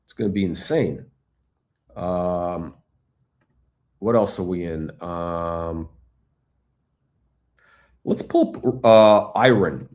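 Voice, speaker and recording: A middle-aged man hosting a live stock chat, talking in an excitable, blunt, repetitive way and swearing now and then. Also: deep voice, very slow, long pauses. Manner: excitable hype, blunt, swears, repeats himself. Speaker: stock channel host. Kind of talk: livestream stock chat reading chat questions.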